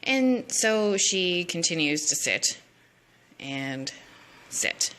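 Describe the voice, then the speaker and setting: A woman's voice: on the low side, lively intonation, slow, pushed and bright, slight background noise. A woman narrating a silly story over her drawings in an offhand, goofy, chatty way.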